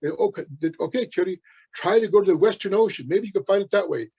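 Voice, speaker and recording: A man's voice: high voice, fast talker, mellow, breathy edge. A man voicing a group of village people who coax and call out to a trickster, in a dull lo-fi recording. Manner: coaxing, calling out. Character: worried village people plotting together.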